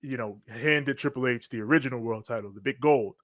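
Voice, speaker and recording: A man's voice: medium pitch, fairly quick, fairly bright tone, no room sound, clean studio sound. A man co-hosting a podcast, animatedly recapping wrestling in casual slang and acting out quotes. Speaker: podcast co-host.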